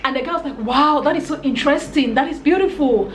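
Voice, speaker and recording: A young woman from Cameroon tells a storytime on her vlog with a high, bright pitch, acting out every line of dialogue with animated exasperation. Her voice bounces around an echoey room, with a faint hiss of noise under it. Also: quick pace. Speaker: vlogger. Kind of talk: storytime vlog, casual retelling.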